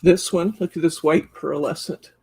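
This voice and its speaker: A deep, husky, warm female voice at normal speed with fairly even intonation. She's the host of a live craft store show-and-tell, enthusiastically gushing about card stock packs and counting sheets aloud as she flips through each one.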